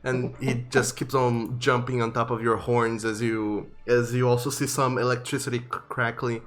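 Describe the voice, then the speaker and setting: A man narrating a tabletop game as game master, vivid but halting, with many fillers. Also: medium pitch, flat delivery.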